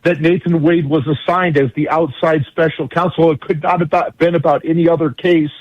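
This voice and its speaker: A man's voice: on the high side, fairly even intonation, moderate pace, no room sound, muffled recording. A man giving a combative radio interview as a guest, blunt and emphatic, hammering his points through repetition. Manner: blunt, emphatic, repeats phrases for force. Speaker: guest legal commentator.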